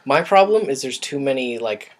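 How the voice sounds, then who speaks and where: A young man chats casually as a co-host. He sounds easygoing and agreeable, and he pauses with fillers before finishing his thoughts. His pitch is middling. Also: expressive. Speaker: podcast co-host. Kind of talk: casual chat.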